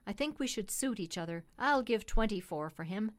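A woman's voice: medium pitch, expressive, moderate pace, close to an everyday voice. Woman reads a kindly cab driver for a storybook, cheery and firm. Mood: cheerful. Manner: friendly, decided and cheerful.

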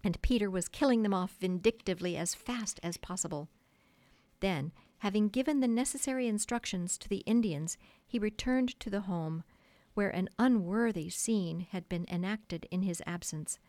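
A female audiobook narrator reads a children's classic aloud in a measured, expressive storytelling manner. Her voice is mid-range, and the recording is dry, close studio sound.

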